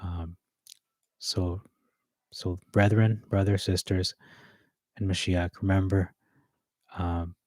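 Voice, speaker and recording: A man with a deep, low voice rehearses a sermon, reading verses aloud between hesitant fillers and self-corrections. The sound is dry and close, with no room echo. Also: flat delivery, takes it slowly, pauses often, darkish tone. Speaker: preacher.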